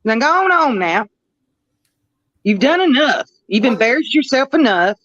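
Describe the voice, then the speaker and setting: A woman's voice: fairly high pitch, big pitch swings, moderate pace, a bit bright, no room sound. A woman co-hosting a live stream in casual, profane chat, blunt and mocking. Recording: dry lo-fi stream audio.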